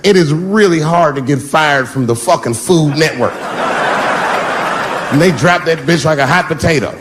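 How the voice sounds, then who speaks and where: In a large theater before a live audience, a middle-aged man with a fairly high voice performs brash, profane stand-up at a normal pace. He draws out his punchlines and slips into playful voice shifts, while crowd laughter and room noise fill the background.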